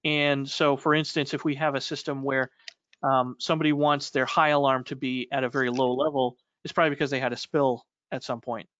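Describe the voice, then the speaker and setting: A man with a New England accent co-hosts a technical webinar, his voice smooth and resonant. He speaks haltingly, with frequent ums and restarts. The audio is dry and slightly muffled. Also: medium pitch, fairly bright tone, dry recording. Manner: halting, many fillers and restarts. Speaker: webinar co-host.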